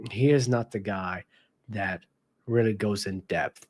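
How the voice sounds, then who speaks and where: A man's voice: on the low side, measured pace, darkish tone. Passionate man talking basketball. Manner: passionate, addresses viewers directly with slang. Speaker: sports commentary host. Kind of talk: casual basketball commentary vlog.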